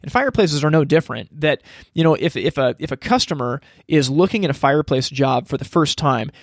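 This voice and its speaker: A man teaching a step-by-step sales process in casual, energetic talk, acting out lines he would say to customers. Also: on the high side, a little fast, no room sound, studio quality. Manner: energetic, acts out customer dialogue, frequent restarts. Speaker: sales trainer.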